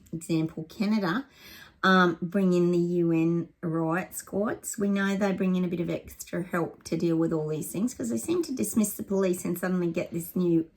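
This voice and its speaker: Husky low-voiced woman giving a psychic reading. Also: darkish tone. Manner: rambling, emphatic, many ums and restarts. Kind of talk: psychic reading monologue to camera.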